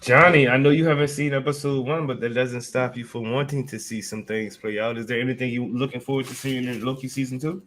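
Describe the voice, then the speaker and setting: A man with a bright, forward voice runs a loose group chat and passes the question from guest to guest. He jokes along as he goes, with a faint hum of noise behind him. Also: mid-range voice, fairly even intonation, fast, few pauses. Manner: joking, calls on each panelist in turn. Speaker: podcast host.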